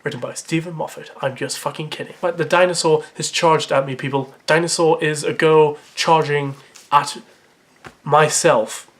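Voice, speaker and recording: A man's voice: a little high, a bit bright. A man reading aloud a story he wrote as a child, breaking off often for sarcastic, mocking commentary and laughter. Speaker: reader of his own childhood story. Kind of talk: comedic dramatic reading with commentary.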